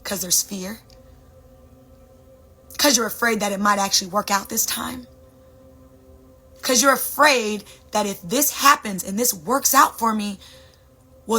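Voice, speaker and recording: A woman voicing God, calm and matter-of-fact, giving direct instructions in a lower, softer tone. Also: husky.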